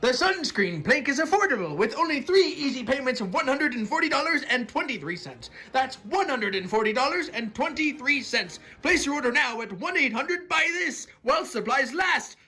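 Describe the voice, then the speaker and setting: A man doing a bright, hammy pirate-captain pitchman. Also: sing-song, moderate pace, few pauses, full character voice. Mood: salesy. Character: male pirate captain hawking sunscreen in an ad.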